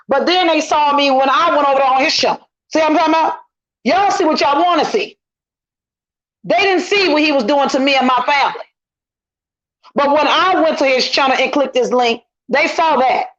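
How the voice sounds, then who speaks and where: With a high-pitched, slightly bright voice at a moderate pace, a middle-aged woman vents on a casual online commentary chat where she's a guest. She's emphatic and indignant, going over her points again and again, and the audio is lo-fi and dull.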